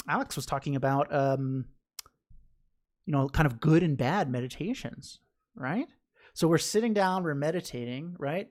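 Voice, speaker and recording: A woman's voice: low-pitched, darkish tone. A woman teaching a meditation class in a casual, chatty way, laughing often and acting out the inner voices of her students.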